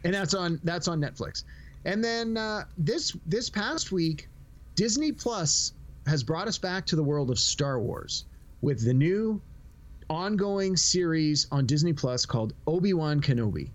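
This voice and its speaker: Speaking a little slowly in a fairly high voice, a middle-aged man hosts an easygoing podcast. His storytelling is animated, full of acted-out quotes, and he laughs as he goes.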